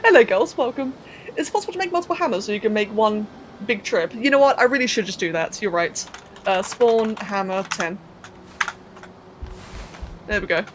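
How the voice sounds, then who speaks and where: A woman's voice: medium pitch, animated, moderate pace, pauses often, slight background noise, low-quality recording. A young woman live-streaming a game, thinking aloud as she builds, counting under her breath and chatting to viewers with casual swearing. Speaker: livestreamer.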